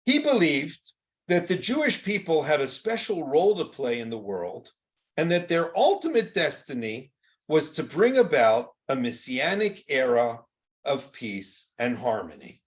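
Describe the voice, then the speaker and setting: An older man lecturing on Torah in a chatty, informal way. His voice sits somewhat high and swings widely in pitch, leaping up for rhetorical questions and acted-out dialogue. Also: measured pace, lo-fi sound. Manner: animated, conversational, acts out quoted exchanges with rising rhetorical tone. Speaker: rabbi teaching Torah.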